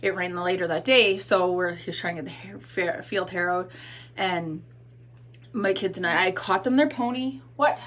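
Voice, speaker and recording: A woman in her thirties hosting a casual livestream from home, telling a story in a candid, self-deprecating way, her voice still recovering and a little hoarse. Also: lowish voice, normal speed, a bit bright, a little hiss or hum. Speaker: livestream host. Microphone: phone or webcam livestream.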